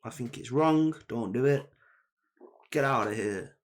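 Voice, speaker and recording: A man's voice: medium pitch, measured pace. A young man co-hosting a podcast in casual chat, rambling and slangy, swearing freely. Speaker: podcast co-host.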